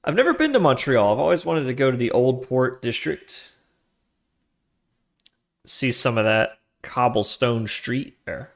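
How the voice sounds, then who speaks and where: Male streamer, mid-pitched, casual slangy chatter, drops into quiet muttering while coding. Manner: slangy, with laughs between phrases. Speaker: streamer coding a trading engine. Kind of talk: casual live-coding chat.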